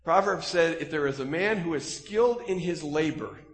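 Male pastor, sermon delivery, emphatic swells, higher voice, roomy echo. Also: moderate pace. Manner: animated preaching, voice rising to emphatic peaks. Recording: echoey hall, reverberant room.

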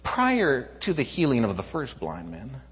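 A male pastor preaching a sermon in a church, telling the story with animated swings from loud to hushed. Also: medium pitch, a little slow, big-room sound, rough recording.

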